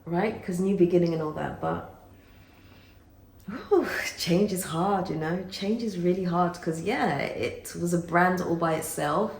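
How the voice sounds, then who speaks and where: Expressive woman vlogging from a roomy kitchen. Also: lowish voice, measured pace. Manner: expressive, exclaiming, talks to camera. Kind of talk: casual vlog chat. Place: home kitchen.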